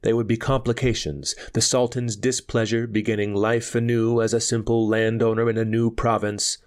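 A man narrating a pulp story aloud in a measured, dramatic reading. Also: lowish voice, level tone. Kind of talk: audiobook narration.

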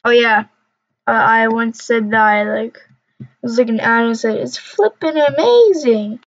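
A woman's voice: on the high side, completely flat delivery, moderate pace, a bit bright. A young woman rambling through casual gameplay commentary, mumbling to herself and trash-talking other players. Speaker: gamer. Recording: dull lo-fi recording.

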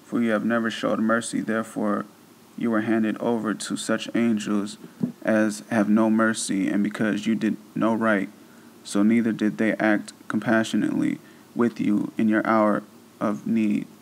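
Male reader as stern divine judge, solemn, deep-ish, flat read. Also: unhurried, poor audio.

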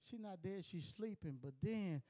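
A male pastor delivering a sermon in a strikingly high voice. He preaches emphatically, rising to shouts and then dropping to hushed lines. Between points he slips into casual, colloquial asides to his congregation. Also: animated, moderate pace, poor audio.

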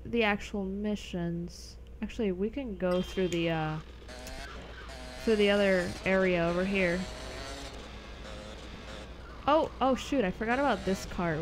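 With a medium-pitched voice and a little hiss or hum on the audio, a young adult woman streams a game, rambling casually with viewers and frequently laughing.

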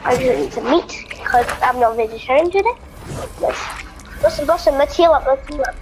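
A woman chatting casually while playing a game with a friend, giving excited, bossy calls to her teammate. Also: high-pitched, brisk, noisy background. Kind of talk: casual gameplay chat.

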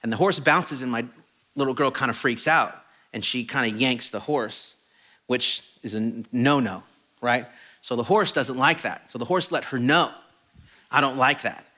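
Animated, bright-voiced male pastor. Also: mid-range voice, normal speed. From Mexican heritage. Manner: animated, self-deprecating storytelling with laughs. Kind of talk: storytelling sermon. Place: church auditorium.

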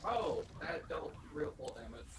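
A man's voice: on the high side, sing-song, a little slow, far from the mic, noisy background. A man joking around with friends in casual chat while playing an online game. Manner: joking and playful. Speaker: gaming teammate. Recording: game sounds behind.

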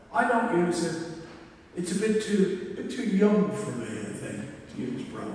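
A man's voice: sits high, darkish tone. A man preaching a sermon as a minister, chatty and humorous, with asides. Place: church. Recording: echoey church hall from far off.

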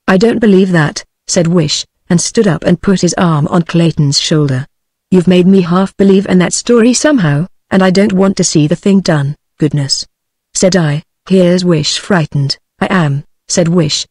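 British female text-to-speech narrator, even and measured, dry close sound, audiobook reading. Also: lowish voice, husky, dry recording. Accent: British English. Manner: even, measured synthetic delivery.

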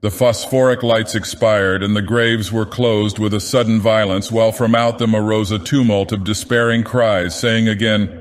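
A man's voice: lowish voice, fairly even intonation, moderate pace, few pauses, close to an everyday voice. A man voicing a grandiose, menacing ancient god-villain as he narrates a horror tale solemnly. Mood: brooding. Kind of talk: dramatic horror reading. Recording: long reverb.

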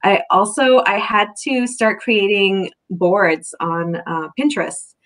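A woman's voice: medium pitch, steady tone, slow pace, a bit bright. A woman author reading from her novel and then answering questions in a chatty way, laughing often, over a video call. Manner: chatty, laughs often, full of fillers and restarts.

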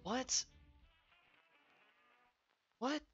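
A young man giving excitable, self-mocking commentary while playing a video game, often yelling. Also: very slow. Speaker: gaming video host. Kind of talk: live let's-play commentary. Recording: dull lo-fi with game music behind.

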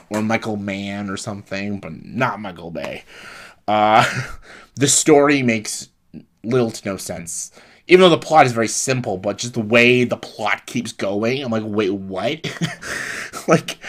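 A man's voice: fairly low pitch, a bit bright. A young man giving a casual spoken film review, exasperated and laughing often, full of fillers and quoted disbelief. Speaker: movie reviewer.

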